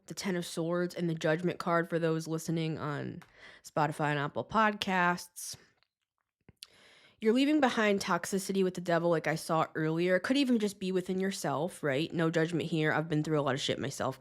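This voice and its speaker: A woman hosting her own show, giving a casual tarot reading to camera in a chatty, excitable, slangy way with frequent laughs. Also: fairly low pitch. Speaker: tarot reader and show host.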